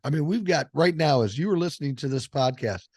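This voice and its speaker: A man's voice: a little high, animated, fairly quick, darkish tone, no echo, clean studio sound. Blunt, swearing older man. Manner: blunt and profane, emphatic. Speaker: podcast host. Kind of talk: casual political chat.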